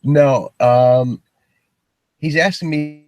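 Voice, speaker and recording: A man's voice: medium pitch, normal speed, dry recording. Brief: male caller, casual storyteller, swears, plays both sides of a dialogue, dry mic. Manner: animated, acts out both sides of the exchange, swears. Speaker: caller recounting a police stop.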